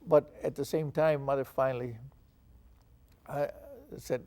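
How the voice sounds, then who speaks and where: A little slow and steady, his medium-pitched voice warm, the older veteran from San Antonio tells his life story in an oral history interview. He gives voice to the people he quotes.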